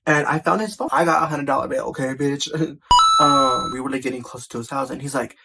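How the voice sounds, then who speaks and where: A man vlogger telling a personal story in casual storytime style, animated and profane, filling his talk with "like". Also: medium pitch, fairly quick, gravelly. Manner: animated, profane, filler-heavy with constant "like".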